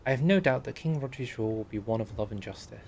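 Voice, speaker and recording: A man's voice: mid-range voice, gravelly, darkish tone, slight background noise, close to an everyday voice. A man voicing a fawning young male prince courtier at a royal celebration in a strategy game, trying a lilting accent that soon slips. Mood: ingratiating. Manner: an attempted lilting accent, quickly lost.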